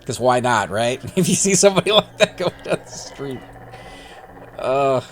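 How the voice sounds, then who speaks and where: A gaming channel host chats and jokes with a friend while he plays, laid-back and musing aloud. His medium-pitched voice is very animated at a moderate pace, picked up on a desk microphone with slight background noise.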